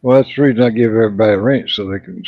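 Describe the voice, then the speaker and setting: A man hosting a casual live stream, talking in an easygoing, halting way. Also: on the low side, no room sound, phone-quality sound.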